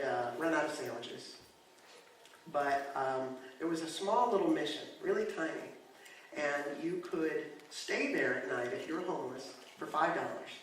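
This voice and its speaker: A man preaching a sermon in a church, telling a story in a calm voice that builds to loud, impassioned preaching. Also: fairly high pitch, moderate pace, recorded from a distance, a little hiss or hum. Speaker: guest preacher. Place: church sanctuary. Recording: very echoey church hall, picked up from afar.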